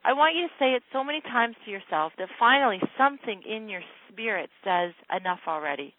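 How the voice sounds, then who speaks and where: A woman's voice: a little high, lively intonation, a little fast, dry recording. A woman coach on a phone call with a client, talking in a direct, insistent and emphatic way. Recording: dry narrow phone line.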